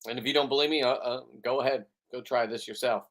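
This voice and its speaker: A man's voice: medium pitch, steady tone, fast talker, background noise. A middle-aged man hosting a fishing vlog from a boat, talking in a brash, boastful, profane way. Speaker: fishing channel host. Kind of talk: casual boastful commentary.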